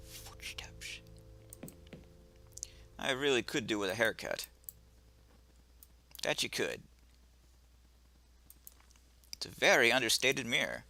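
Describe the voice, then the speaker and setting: A man voicing a sardonic gentleman cat burglar in a put-on British accent, deadpan and wry, for a video game. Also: mid-range voice, normal speed, creaky, long pauses, pitched below the performer's own voice, exaggerated voice. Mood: dry. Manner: dry, deadpan, wry asides. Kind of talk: video game voice-over reading.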